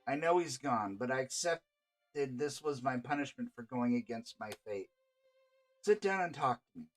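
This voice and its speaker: A man's voice: mid-range voice, animated, measured pace, faint music behind. A man voicing a weary, hard-drinking woman adventurer, reading her lines aloud from a script in his own voice. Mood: resigned.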